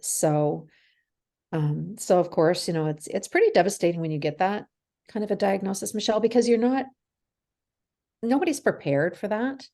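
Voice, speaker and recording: A woman's voice: mid-range voice, normal speed, creaky, mellow. A woman in her forties, a guest in an interview, telling a candid personal story and acting out the dialogue, laughing through hard memories. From Canada.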